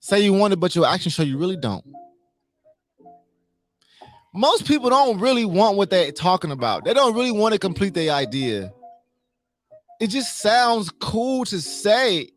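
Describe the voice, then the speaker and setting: A man's voice: sits high, big pitch swings, normal speed, pauses often, soft background music. A man hosting a casual motivational livestream, emphatic, repeating his points and asking his listeners questions.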